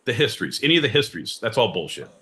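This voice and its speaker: A man's voice: medium pitch, big pitch swings, very fast, sharp tone, a little hiss or hum. A man co-hosting a live comedy podcast, ranting in a profane, theatrical way with mock-Shakespearean flourishes. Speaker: podcast co-host. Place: live show venue.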